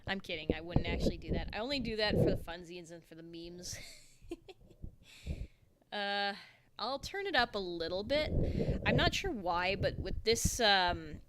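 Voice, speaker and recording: A young woman in a casual live stream, talking into a desk mic from her home setup. Her pitch sits in an ordinary middle range. She rambles freely, muttering to herself as she works and turning to answer viewers' questions. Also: lively intonation, normal speed, pauses often, background noise. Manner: rambling, talks to herself while working, answers chat. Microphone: desktop microphone.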